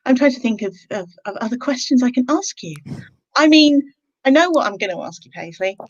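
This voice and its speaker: A woman co-hosting an interview over a video call, chatty and jokey, acting out quotes in a bright, sudden voice. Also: expressive, fairly quick. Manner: chatty, jokey, acts out quotes with big pitch jumps. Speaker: co-host interviewer. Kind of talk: casual video-call chat. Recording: dull lo-fi video-call audio.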